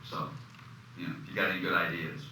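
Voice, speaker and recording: A man's voice: low-pitched, quick pace. A man giving an interview as an actor, telling stories animatedly and acting out the quotes. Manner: animated storyteller, acts out quotes. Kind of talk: anecdotal interview storytelling. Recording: echoey room, distant mic, noisy.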